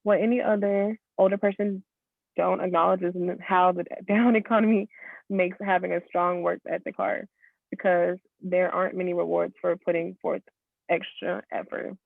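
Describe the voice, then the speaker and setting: A man's voice: high-pitched, flat delivery, normal speed, gravelly, no room sound, narrow, tinny audio. A man who is a student, reading a passage aloud in class and stumbling over a few words, then correcting himself.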